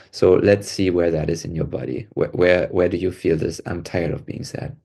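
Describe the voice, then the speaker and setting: A man with a deep, gravelly, slightly husky voice leads a calm guided exercise. He speaks gently and patiently, offering short encouraging affirmations as he coaxes feelings out. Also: normal speed. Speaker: podcast co-host guiding an emotional release exercise.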